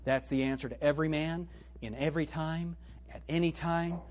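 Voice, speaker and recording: A man preaching a sermon as pastor, reading scripture aloud and swinging between loud and hushed delivery. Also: on the high side, steady tone, moderate pace, a little hiss or hum. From United States. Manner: quotes scripture in old-fashioned wording.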